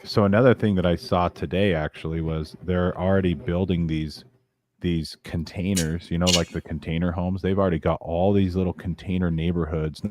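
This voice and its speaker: A man's voice: deep voice, steady tone, normal speed, darkish tone, slight background noise. A man talking as a guest on a casual podcast, rambling with many restarts.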